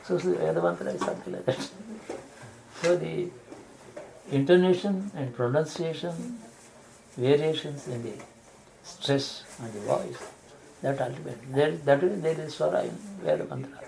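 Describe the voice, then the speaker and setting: A man giving a spiritual discourse, explaining slowly and restarting phrases to rephrase his examples. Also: fairly high pitch, gravelly, crowd noise, poor audio. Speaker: spiritual teacher.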